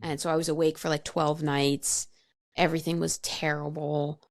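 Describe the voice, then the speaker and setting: This woman speaks at normal speed in a deep, level voice, captured in a dry, clean studio recording. She's a podcast guest frankly sharing her personal history, chuckling at herself and sprinkling in plenty of "like."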